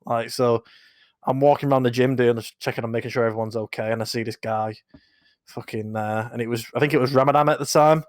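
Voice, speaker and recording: A young man co-hosting a podcast, telling sweary anecdotes in a casual, animated way. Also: mid-range voice, fast talker, no room sound, studio quality. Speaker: podcast co-host. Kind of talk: casual storytelling chat.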